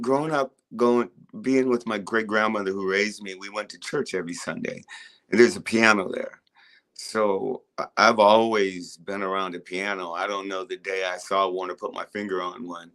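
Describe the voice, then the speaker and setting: Older male rock musician guest, low voice, laid-back rambling storyteller. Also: a bit bright. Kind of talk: casual interview chat.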